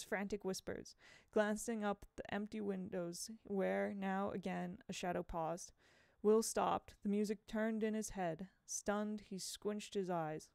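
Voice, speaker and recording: A woman reading a novel aloud in a measured, expressive way, close to the mic. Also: mid-range voice, gravelly, no echo. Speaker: audiobook reader.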